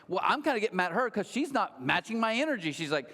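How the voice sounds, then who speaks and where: A man in his thirties preaching a sermon, telling stories with lively acted-out quotes. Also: sits high, fast. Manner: animated storytelling with acted-out quotes. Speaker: pastor. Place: large church hall. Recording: long hall reverb.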